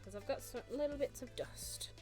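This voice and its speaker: This vtuber streamer, a woman, chats casually on a live stream, gushing often and laughing frequently. She speaks at a normal speed in a high, slightly mellow voice over faint background music.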